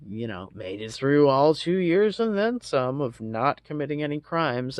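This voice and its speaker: A man's voice: medium pitch, no echo. A man telling a personal story casually, rambling with lots of fillers and frequent swearing. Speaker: storytelling vlogger.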